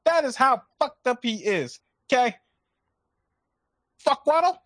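A man bantering on a podcast in a loud, profane, mock-angry way. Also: extremely high pitch, big pitch swings, moderate pace, no echo, studio quality.

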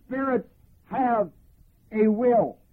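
A man preaching a sermon, reading scripture slowly and emphatically and explaining each phrase. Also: very high voice. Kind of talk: sermon, Bible teaching. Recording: tinny phone-like lo-fi recording.

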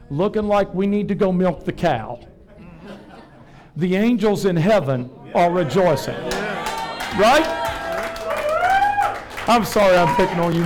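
A man, pastoring a revival service, preaching fervently and then dropping to soft personal asides during altar prayer. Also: high voice. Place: church sanctuary.

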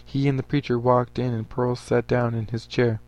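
For a podcast, a man reads a story aloud in a steady, even manner. His voice sits at an ordinary middle pitch, and he keeps a normal speed.

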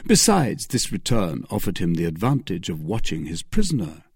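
A man reads a classic adventure novel aloud in an expressive audiobook style. His voice is husky and his pitch moves widely. The recording is dry, with no room echo. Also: moderate pace. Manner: expressive, varied pitch reading. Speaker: audiobook reader.

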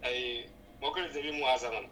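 A man phones in to a casual radio chat. His voice is mid-pitched for a man. He answers in short, hesitant bursts with fillers. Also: fairly quick, pushed and bright, soft background music, rough recording.

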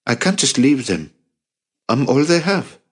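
A man's voice: mid-range voice, sing-song, unhurried, breathy edge, pitched above the performer's own voice. A man voicing an anguished young man who is protective of his family, in a strained voice, in a storybook reading. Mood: pleading.

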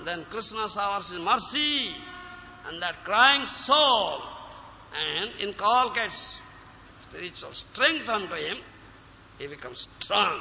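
Guy giving an emphatic sermon, high gravelly voice, lo-fi hall recording. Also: a little hiss or hum. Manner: emphatic, rhetorical questions to listeners, breaks into chanting. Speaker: spiritual teacher. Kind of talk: devotional lecture with sung verses. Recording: lo-fi hall recording, faint ambience.

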